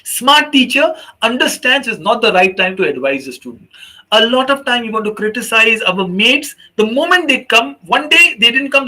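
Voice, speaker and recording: A male teacher trainer speaking to teachers in a webinar, his voice high for a man and bright. His tone is a little husky, and he tells stories with lively quoted voices. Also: poor audio. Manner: animated storyteller, acts out quoted voices. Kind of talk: workshop talk with storytelling.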